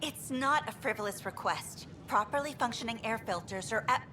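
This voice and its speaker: A woman's voice: fairly high pitch, expressive, normal speed, pushed and bright, slight background noise. An actress playing a frustrated female engineer in a video game, speaking candidly and wryly about her troubles. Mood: pleading. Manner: exasperated, candid, wry.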